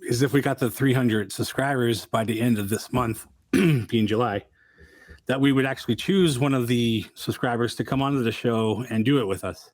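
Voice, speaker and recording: A man's voice: medium pitch, normal speed, dry recording. A man hosting a small channel, chatting easily with plenty of fillers. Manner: easygoing, filler-heavy. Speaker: channel host. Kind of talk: casual chat.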